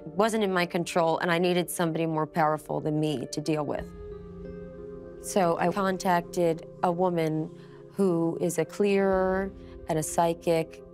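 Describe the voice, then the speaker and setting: A woman with a fairly low voice recounts her encounter in a documentary interview, hushed and suspenseful. Her telling is earnest. An eerie music score plays clearly beneath her. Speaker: celebrity guest telling a ghost story.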